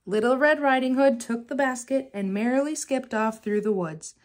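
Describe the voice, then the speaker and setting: A woman reading a children's picture book aloud in a gentle, measured storytelling manner. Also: high voice.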